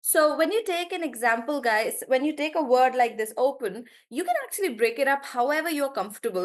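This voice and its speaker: A woman teaches a live online class in a fairly high voice. She is chatty and encouraging, praising students by name. Her explanations are often broken up by easy laughter. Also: expressive, a little fast, few pauses. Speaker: English teacher.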